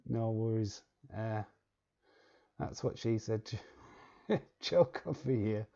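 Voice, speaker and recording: A man's voice: fairly low pitch, slow pace, creaky, dark tone, muffled recording. A young English man hosting a quiz on a live stream, joking and chuckling as he reads the chat. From England. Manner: joking, chuckling, repeats words while reading chat. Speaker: quiz host.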